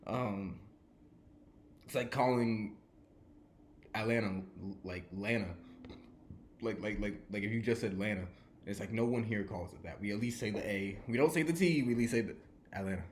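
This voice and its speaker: A man's voice: fairly low pitch, normal speed, pauses often, slight background noise. A young man from Georgia, casually and self-critically talking over his own comedy set. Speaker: podcast host. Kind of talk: casual commentary.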